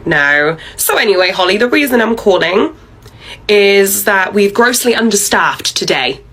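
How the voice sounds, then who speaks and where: A woman's voice: mid-range voice, expressive, unhurried, a bit bright, rough recording. A woman voicing a bossy, pushy female manager who dodges blame and leans on her staff. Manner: pushy, wheedling, dodging blame.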